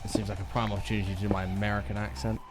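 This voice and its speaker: A man's voice: lowish voice, level tone, rapid-fire, faint music behind. A man chatting casually on a gaming livestream, joking around and answering chat messages aloud. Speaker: streamer.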